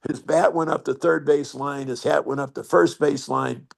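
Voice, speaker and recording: A man's voice: a little high, fairly even intonation, normal speed, gravelly. An older man telling rambling, salty stories as a guest on a video call. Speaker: guest storyteller. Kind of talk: anecdote over video call.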